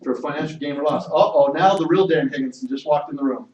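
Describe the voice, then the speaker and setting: A man's voice: on the high side, fast talker, darkish tone, dull audio. Emphatic man speaking in an echoey room. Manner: emphatic, storytelling, frequent restarts. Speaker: network marketing speaker. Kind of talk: motivational sales talk. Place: meeting room. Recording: echoey hall from far off.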